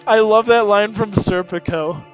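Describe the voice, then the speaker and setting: Excitable, laughing young man. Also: high voice, measured pace. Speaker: host reading a comic aloud. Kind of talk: casual read-along commentary. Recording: dull lo-fi audio, faint music.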